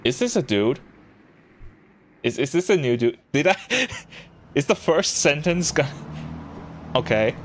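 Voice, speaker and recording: A man's voice: on the high side, big pitch swings, unhurried, pauses often. A man casually commentating as he plays a game, rambling and interrupting himself with short chuckles. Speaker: gameplay commentator. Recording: audible background noise.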